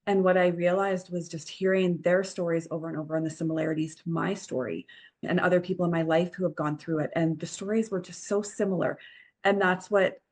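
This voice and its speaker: Earnest lower-voiced woman in her forties. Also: a little mellow. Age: 40s. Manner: earnest, reflective storytelling. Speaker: divorce coach guest. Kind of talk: podcast interview.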